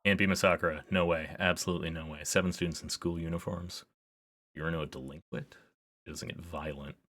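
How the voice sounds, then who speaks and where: A man's voice: deep voice, fairly even intonation, a little fast, fairly bright tone. A man streaming a visual novel, chatting casually in a rambling way and reading the game's text aloud. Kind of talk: casual livestream commentary while playing a visual novel.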